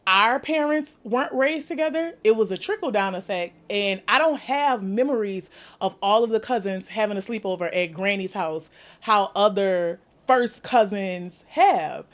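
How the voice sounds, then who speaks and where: A woman in her thirties with a New Orleans accent, hosting a candid podcast conversation and laughing often as she talks. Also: medium pitch. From New Orleans, USA. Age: 30s. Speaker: podcast host.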